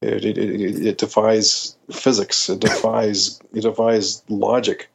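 A man's voice: on the low side, flat delivery, slow, creaky, slight background noise. A middle-aged Canadian man, a podcast guest, telling a story animatedly, acting out quoted voices with many restarts.

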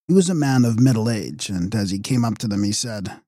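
Steady male audiobook narrator. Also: fairly low pitch, fairly quick, dry recording, studio quality. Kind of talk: audiobook narration of a gothic novel.

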